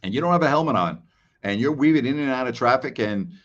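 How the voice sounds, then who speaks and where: A man's voice: mid-range voice, expressive, fast talker. A middle-aged man hosting a live question-and-answer show, telling stories in a casual, rambling way and repeating words for emphasis. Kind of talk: casual storytelling chat. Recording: dull lo-fi stream audio.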